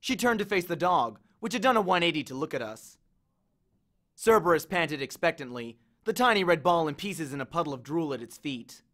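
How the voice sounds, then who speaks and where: A man reading a novel aloud in an expressive storytelling manner. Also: on the high side, brisk. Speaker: audiobook reader.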